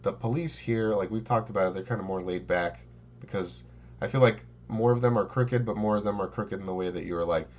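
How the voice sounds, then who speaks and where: A man's voice: fairly low pitch, fairly quick, darkish tone, lo-fi sound. Rambling man on a podcast. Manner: rambling, full of "like" and "um". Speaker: podcast co-host. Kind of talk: casual chat.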